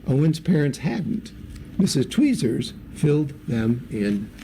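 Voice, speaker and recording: Male storybook reader, warm and mellow, lively with character voices, faint hiss. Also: mid-range voice, slow pace. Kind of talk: reading a picture book aloud.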